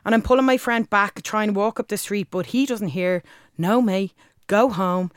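A woman with a Dublin accent performs a rhythmic spoken-word poem with forceful, crude language. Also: mid-range voice, moderate pace, clean tone, no room sound, clean studio sound. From Ireland. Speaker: guest, spoken word artist.

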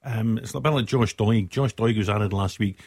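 A man giving measured, explanatory football analysis in a studio discussion. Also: fairly low pitch, a little mellow, husky, no room sound. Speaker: football pundit.

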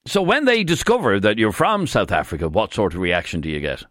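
Irish man, radio phone-in host, relaxed questioning, close dry studio mic. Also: lowish voice, brisk, no room sound. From Ireland. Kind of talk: live radio phone-in chat. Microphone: studio microphone.

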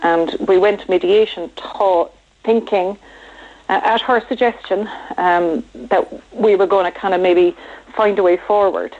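A woman's voice: mid-range voice, steady tone, a little slow. Shaky-voiced Irish woman on a muffled phone line. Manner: emotional, shaky, hesitant with many ums. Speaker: caller. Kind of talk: phone-in call.

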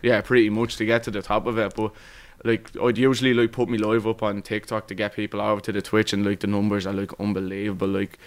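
A young man with a Dublin accent talks in a loose, rambling podcast chat, padding every thought with fillers and casual swearing. His voice sits on the lower side. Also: level tone, quick pace. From Ireland. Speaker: streamer and guest.

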